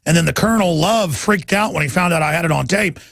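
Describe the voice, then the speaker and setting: Male radio host, gravelly and high-pitched, urgent rambling monologue, dry close sound. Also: fast, fairly bright tone, dry recording. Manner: urgent, rambling, addresses listeners as folks. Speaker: radio talk show host.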